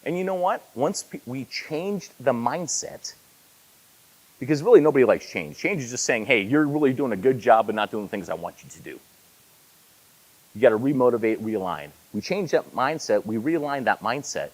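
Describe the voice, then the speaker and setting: Animated man giving a conference keynote. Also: mid-range voice, normal speed, poor audio. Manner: storytelling, animated, self-deprecating asides. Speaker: keynote speaker. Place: conference hall.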